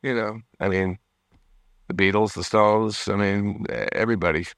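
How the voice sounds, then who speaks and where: A man's voice: on the low side, steady tone, moderate pace, fairly bright tone, no room sound, clean studio sound. A man telling a story as a guest musician in a casual interview, acting out the people he quotes and laughing often. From United States.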